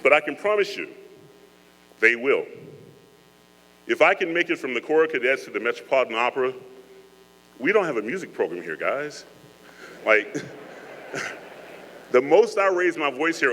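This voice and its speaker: A male guest speaker with a mid-range, sharp-toned voice addresses cadets conversationally, giving a speech that is both joking and earnest. The recording has the echo of a hall and a mains hum.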